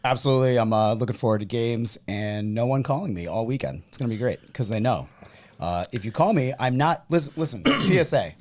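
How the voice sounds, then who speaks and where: Lively young New England man hosting. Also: medium pitch, a little fast. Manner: animated storyteller, laughing and dropping into quoted voices. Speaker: podcast host. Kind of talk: casual chat.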